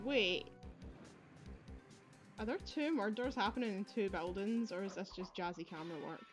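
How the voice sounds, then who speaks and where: A young woman giving chatty, rambling commentary while playing a video game, laughing often, recorded on earbuds. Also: medium pitch. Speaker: let's play gamer. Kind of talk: casual gameplay commentary.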